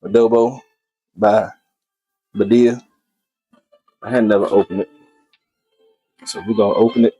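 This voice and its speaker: Relaxed man chatting while cooking. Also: fairly low pitch, measured pace, pauses often, slightly rough, faint music behind. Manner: repeats phrases, talks to viewers as y'all. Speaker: cooking video host. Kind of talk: casual cooking talk to viewers.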